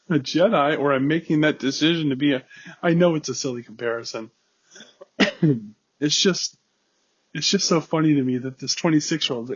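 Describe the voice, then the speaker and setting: A man hosting a podcast, casually recapping a movie in a wry, rambling way and getting easily exasperated. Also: breathy edge. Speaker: podcast host. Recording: muffled low-quality audio.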